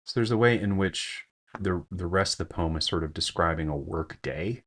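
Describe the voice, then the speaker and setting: A man's voice: low voice, moderate pace, fairly bright tone, a little hiss or hum. A man giving a screen-share poetry lesson, thinking aloud with frequent fillers and self-corrections. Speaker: teacher.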